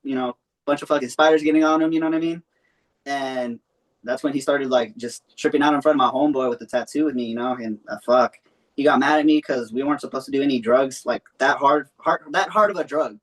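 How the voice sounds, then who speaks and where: A man's voice: mid-range voice, quick pace. A young man telling a long personal story in a loose, rambling way, full of swearing and fillers. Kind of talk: casual storytelling.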